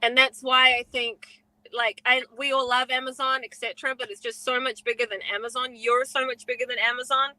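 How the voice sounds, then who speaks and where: A woman's voice: high-pitched, flat delivery, a little fast, pushed and bright, no room sound, poor audio. A woman co-hosting a podcast, talking in an effusive, gushing way with many fillers. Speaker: co-host. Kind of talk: casual podcast chat.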